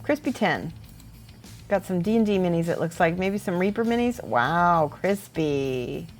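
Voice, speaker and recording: A chatty, encouraging woman with a slightly low voice talks through viewers' painted miniatures in a casual stream. Faint music plays softly under her. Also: expressive, measured pace. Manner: chatty, encouraging, laughs often. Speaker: miniature painting host and teacher. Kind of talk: casual livestream critique.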